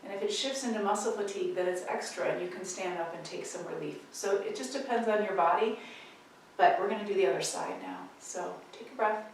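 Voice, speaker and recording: A woman teacher gently talks students through slow tai chi movements, her calm cues spaced out with pauses. Her voice sits in a mid range and sounds a little distant from the mic, with strong room echo around it and a faint hum of ambience behind. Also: medium pitch, vocal fry. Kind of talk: guided movement instruction.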